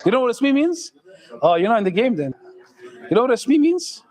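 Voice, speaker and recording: Middle-aged man, imam, high voice, casual sermon, joking and questioning the crowd. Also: very animated, a little fast, darkish tone, low-quality recording. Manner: joking, conversational, asks the audience questions.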